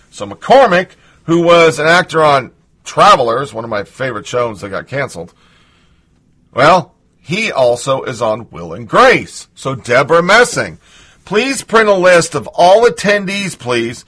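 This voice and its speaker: A man's voice: fairly high pitch, big pitch swings, unhurried, sharp tone. A man reading news aloud and reacting to it with sarcastic, indignant asides. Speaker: political commentator.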